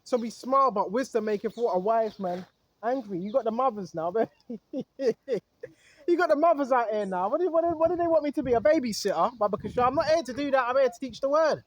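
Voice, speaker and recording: High-voiced man preaching outdoors. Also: expressive, fairly quick. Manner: exhorting, reads scripture aloud then riffs on it; calls out to listeners, chuckles often. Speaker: street preacher.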